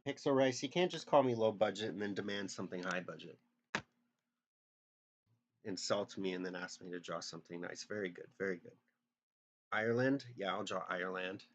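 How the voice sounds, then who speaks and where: A man's voice: sits low, fairly quick, long pauses, dull audio, a little hiss or hum. A man casually chatting with viewers while drawing on a live stream, joking and thinking aloud in a self-deprecating way.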